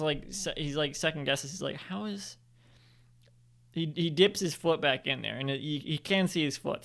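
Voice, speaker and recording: Rambling man with a gravelly voice. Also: on the high side, fairly bright tone. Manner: rambling, self-correcting, many fillers. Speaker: storyteller. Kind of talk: improvised spoken story. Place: home, indoors.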